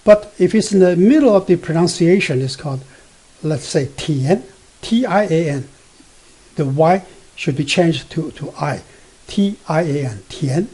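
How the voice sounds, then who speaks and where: A man teaching beginner Mandarin, explaining slowly with many fillers and self-corrections, and spelling out letters and sounding out tones. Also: on the high side, animated, mellow, breathy edge. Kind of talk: beginner language lesson.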